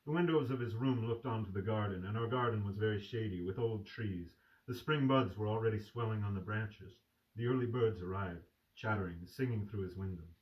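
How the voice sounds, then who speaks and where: A man reading a classic novel aloud as a storyteller, slow and full of feeling. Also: fairly low pitch, muffled recording. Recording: distant mic.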